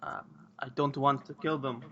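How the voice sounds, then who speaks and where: A man playing a tabletop game, calmly describing his character's actions. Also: mid-range voice, moderate pace, a crowd in the background. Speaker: player. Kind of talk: casual tabletop play. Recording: dull lo-fi mic with faint hiss.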